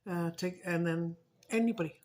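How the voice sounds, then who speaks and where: A woman's voice: on the low side, moderate pace, a little mellow. A woman chatting casually in a vlog, telling stories with feeling, swearing and slipping in Spanish. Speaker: mukbang vlogger. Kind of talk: casual storytelling chat.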